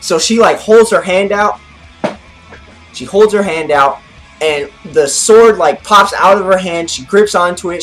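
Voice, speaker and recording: A man hosting an anime review, recapping an episode in a casual, excitable way, saying "like" often and gesturing as he talks. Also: fairly high pitch. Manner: excitable, heavy use of "like"; gestures with his arms while talking.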